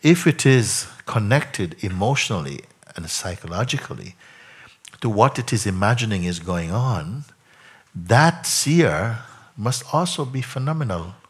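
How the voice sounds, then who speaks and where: A man as a spiritual teacher in a satsang, probing a questioner by repeating questions back in slow, reflective phrases. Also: mid-range voice, very animated, breathy edge. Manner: slow, reflective phrasing with frequent "you know" and "no?". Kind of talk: satsang talk answering a questioner.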